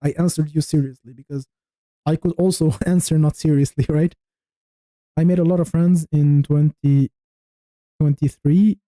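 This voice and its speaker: Man, 30s, from Tunisia, livestreamer; frank, rambling chat, restarts a lot, very mellow dark tone. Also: fairly high pitch, steady tone, moderate pace, pauses often, no room sound, rough recording. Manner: frank, rambling, thinking aloud with many restarts. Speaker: YouTube livestreamer. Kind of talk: casual livestream chat answering viewers.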